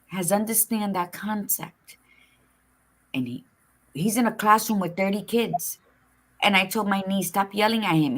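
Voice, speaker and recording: Bright, expressive middle-aged woman co-host. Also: mid-range voice. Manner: expressive, folksy, frank, sprinkled with Spanish words. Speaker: podcast co-host. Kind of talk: casual chat.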